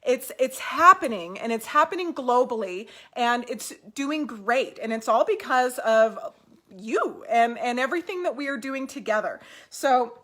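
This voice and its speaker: A woman's voice: a little high, animated, measured pace, pushed and bright. A woman talking casually to camera at home about doll collecting, upbeat and encouraging, with fillers and restarts.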